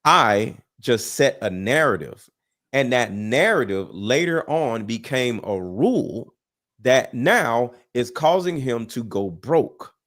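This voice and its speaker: Emphatic man with a lively swinging voice. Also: mid-range voice, slow pace. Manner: emphatic, repeats himself, profane; interrupts with 'listen' and 'hold on'. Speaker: guest debater. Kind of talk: heated debate.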